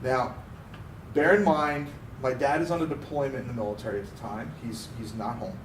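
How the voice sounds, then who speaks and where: A man from Pennsylvania, co-hosting a car podcast, telling a story in a casual, animated way and acting out the voices he quotes. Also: mid-range voice, fairly quick. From Pennsylvania, USA. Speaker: podcast co-host. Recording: roomy, distant mic with faint noise.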